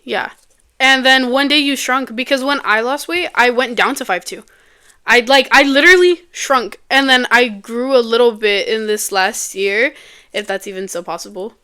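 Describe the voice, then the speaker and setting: A woman's voice: a little high, moderate pace, smooth. A young woman co-hosting a casual podcast with a friend, giggly and teasing. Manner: giggly, teasing, soft-spoken asides. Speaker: co-host. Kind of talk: casual chat.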